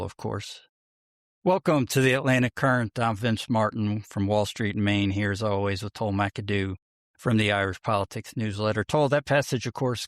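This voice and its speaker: A man's voice: on the low side, no room sound, studio quality. An American man co-hosting a podcast in a casual, chatty and upbeat way, laughing easily. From United States. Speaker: podcast co-host.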